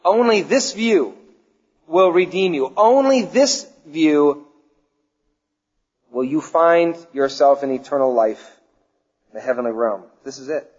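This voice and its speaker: A man preaching a sermon to his congregation, swinging between loud declarations and hushed, slow questions. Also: on the high side, expressive, breathy edge, long reverb tail, dull audio. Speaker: pastor.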